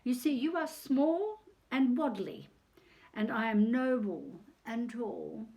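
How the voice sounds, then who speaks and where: A woman's voice: a little high, lively intonation, slow pace, warm tone, voice pushed up. A woman voicing a proud male horse in a picture book, lecturing in a haughty tone. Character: pompous proud male horse, tall and noble.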